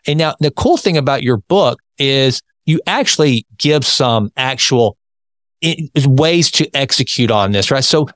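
A chatty male host talks at a middle pitch and speeds up in quick bursts. He tells anecdotes in an easygoing conversational way, and the close, dry recording has no room echo. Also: expressive, a bit bright. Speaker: interview host. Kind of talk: casual interview talk.

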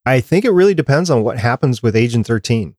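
A man hosting a podcast in casual chat, reading out listener tweets and polls with animated reactions. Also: medium pitch, quick pace, no echo, studio quality. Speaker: podcast host.

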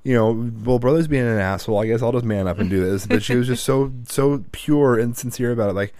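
A man's voice: medium pitch, fast talker, a little mellow, no room sound, studio quality. A man in casual chat, a father telling family stories and acting out what his kids said. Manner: storytelling, quoting family members. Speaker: podcast co-host, father.

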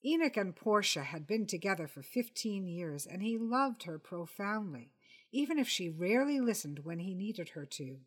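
A woman podcast host reading a comic crime story aloud in a measured, wry way. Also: medium pitch, big pitch swings. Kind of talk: storybook narration.

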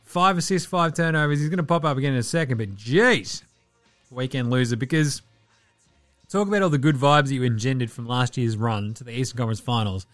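A young man hosting a solo basketball podcast, talking in a profane, sarcastic, animated way. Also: medium pitch, brisk, faint music behind. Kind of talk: solo sports commentary podcast.

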